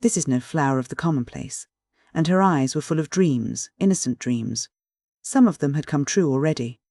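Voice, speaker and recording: An audiobook reader narrating a classic novel in a measured, even storytelling manner on a close mic. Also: medium pitch, no echo.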